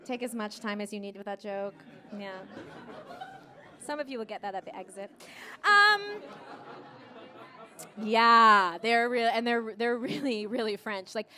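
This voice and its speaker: A woman's voice: fairly high pitch, animated, measured pace, long pauses, pushed and bright, a faint crowd. An American woman in her thirties performing live stand-up comedy, brassy and sassy, laughing at her own jokes and acting out voices. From United States. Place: comedy stage in front of a live audience.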